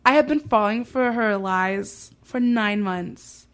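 A woman's voice: medium pitch, slow pace. A young woman in casual chat, telling a story through quoted back-and-forth and saying "like" a lot. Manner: tells stories through quoted dialogue, says "like" often. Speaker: guest.

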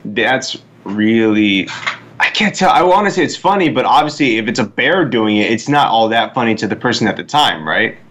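A man's voice: mid-range voice, animated, normal speed, fairly bright tone. A man with a Californian accent co-hosting a podcast, laid-back and joking in casual chat. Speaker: podcast co-host.

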